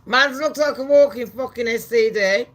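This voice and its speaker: A woman hosting a casual commentary vlog, talking bluntly and profanely in a chatty way, with loud excited bursts. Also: fairly high pitch, normal speed. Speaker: channel host.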